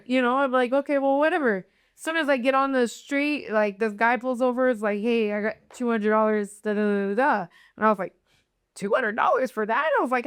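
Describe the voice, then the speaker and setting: A woman's voice: fairly high pitch, clear, resonant tone, no echo, clean studio sound. A young woman from Nebraska, a podcast guest telling her own story in a candid way, acting out the voices of the people she quotes. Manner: candid, acts out quoted voices, many fillers. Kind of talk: personal storytelling in conversation.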